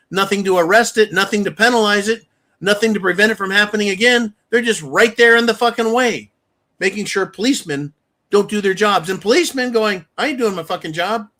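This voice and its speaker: A man's voice: high voice, bright, forceful tone. A man hosting his own channel, delivering a heated, profane political rant. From United States. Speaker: channel host.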